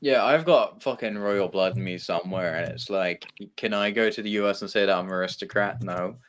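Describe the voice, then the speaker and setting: A joking man on a livestream, chatting in a low voice that comes through smooth and clear. He banters loosely and keeps trying out silly impressions. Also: fairly quick, fairly bright tone. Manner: jokey, giggly, trying out impressions.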